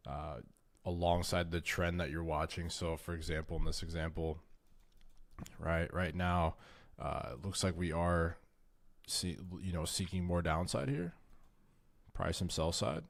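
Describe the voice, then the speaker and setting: Man, deep low voice, casual trading stream, swears and restarts, dry close mic. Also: measured pace, creaky, dry recording. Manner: loose, swears, restarts and stumbles over words. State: tired, short on caffeine. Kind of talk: casual livestream chart walkthrough.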